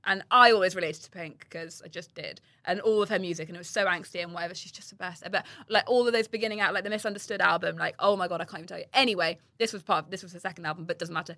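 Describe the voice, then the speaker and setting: A woman's voice: fairly low pitch, rapid-fire, few pauses, sharp tone, no room sound. A woman co-hosting a podcast, chatting casually in a gushing, emotional way. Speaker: podcast co-host. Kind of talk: casual chat.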